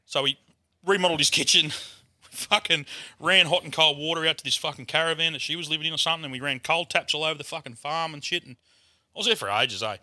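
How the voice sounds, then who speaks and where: A man's voice: a little high, fast talker, no room sound, studio quality. An Australian man, a comedian, telling a crude story in casual chat. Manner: crude, swearing, animated yarn-telling. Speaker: guest comedian.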